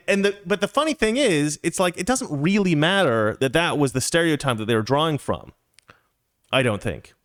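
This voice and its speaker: A man's voice: fairly high pitch, sing-song, moderate pace, fairly bright tone. A middle-aged man telling a rambling, chatty story as a casual monologue, with playful asides.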